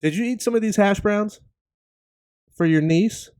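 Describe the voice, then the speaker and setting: A man putting on the voice of a guilt-tripping wife, pitched up and accusing. She sounds exasperated and suspicious, pressing the same question over and over. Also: measured pace, darkish tone, smooth.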